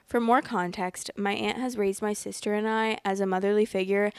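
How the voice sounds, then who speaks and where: A woman's voice: mid-range voice, fairly even intonation, normal speed, clean tone, no room sound. A woman hosting a story podcast, chatting casually and reading stories aloud, rambling and apologetic with lots of fillers, sometimes yawning as she talks, close to the microphone. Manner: often yawns while talking.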